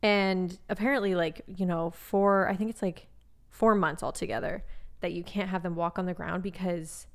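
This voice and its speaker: A woman's voice: fairly low pitch, steady tone, moderate pace. A woman in her twenties co-hosting a podcast, chatting casually, giggling and acting out other people's voices as she tells stories. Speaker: podcast co-host. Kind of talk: casual chat.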